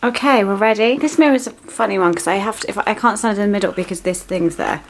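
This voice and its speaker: A young British woman talks to a handheld camera in her home kitchen. She rambles in a relaxed, chatty way with plenty of fillers and asides, and a faint background hiss sits under her voice. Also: medium pitch, quick pace, poor audio. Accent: British English. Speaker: lifestyle vlogger. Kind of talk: casual vlog chat to camera.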